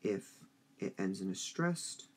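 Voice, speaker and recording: A man teaching a high school English review lesson, speaking slowly and deliberately and drawing out stressed syllables. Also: animated, darkish tone, husky.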